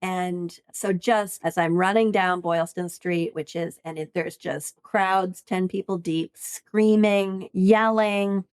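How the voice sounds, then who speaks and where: Animated woman in her fifties telling a story. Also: fairly low pitch, slow pace, hardly any pauses, clear, resonant tone, no room sound. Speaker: podcast guest. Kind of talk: casual storytelling.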